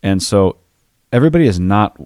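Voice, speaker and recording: A man co-hosting a casual podcast, calm and mostly agreeing with short replies. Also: lowish voice, fairly quick, no echo, clean studio sound. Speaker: podcast co-host.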